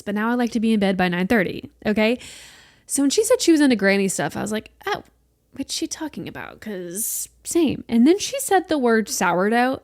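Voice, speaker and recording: Woman, late twenties, podcast host, animated casual chat, dry close sound. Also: medium pitch, no echo. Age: late 20s. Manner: chatty and animated, swears casually.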